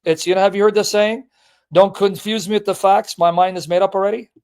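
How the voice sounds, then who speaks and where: A man's voice: high-pitched, fairly even intonation, a little fast, a little mellow, clean tone. A man hosting an apologetics call-in show, blunt and teasing, repeating his points with emphasis. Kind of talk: live call-in debate chat.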